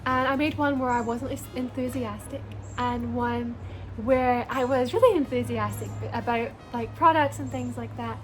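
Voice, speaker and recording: High-voiced, bubbly Scottish woman. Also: fairly even intonation, moderate pace, soft background music. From Scotland. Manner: bubbly and earnest, addresses viewers as "you guys". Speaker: beauty vlogger. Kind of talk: casual personal vlog to camera.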